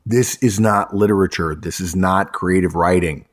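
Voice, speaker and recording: A man's voice: deep voice, moderate pace. A man who works as a recruiter gives emphatic, punchy resume advice, hammering his points home and addressing listeners as folks.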